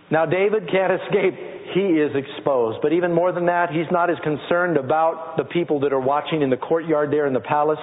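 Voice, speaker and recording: Pastor, middle-aged man, slightly high voice, conversational sermon delivery, lo-fi recording. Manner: conversational preaching, reads scripture aloud and asks the congregation to repeat lines. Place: church sanctuary with congregation. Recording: lo-fi phone-like audio with long hall reverb.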